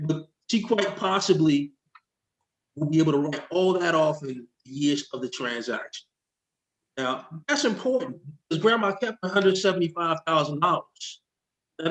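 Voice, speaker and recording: A man, a tax expert guest, explaining with slides in an excitable, rushing way that keeps interrupting itself. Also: high voice. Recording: echoey room.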